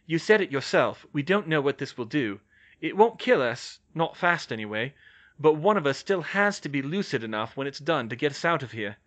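A man reading aloud voices a calm, firm young curse breaker giving instructions. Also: on the high side, normal speed.

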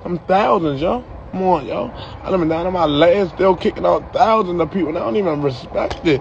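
Young man, angry profane rant, gravelly voice, dull lo-fi sound with faint hiss. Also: high voice, a little fast, few pauses. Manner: profane, heated, repeats "yo" at line ends.

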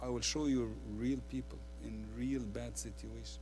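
A man with an Egyptian accent preaching a sermon, swinging between quiet, intimate asides and loud, emphatic declarations. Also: medium pitch, fairly even intonation, normal speed, in a large hall, faint music behind.

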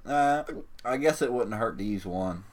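A man's voice: fairly low pitch, animated, measured pace. Laid-back man streaming with hiccups. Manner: laid-back, dry game commentary. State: has the hiccups. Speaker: livestream co-host. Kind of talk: casual gaming livestream chat.

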